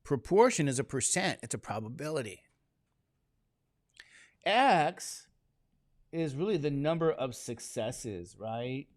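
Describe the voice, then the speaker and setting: A man's voice: medium pitch, animated, slow pace, pauses often, dry recording. Man lecturing a class, dry sound. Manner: conversational, keeps quizzing the class with questions. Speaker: statistics teacher.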